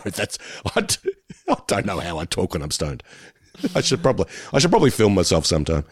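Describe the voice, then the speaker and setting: Male co-host, very deep, laid-back and jokey, dry sound. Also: quick pace, breathy edge, dry recording. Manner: relaxed, rambling, jokey. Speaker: podcast co-host. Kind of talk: casual podcast chat.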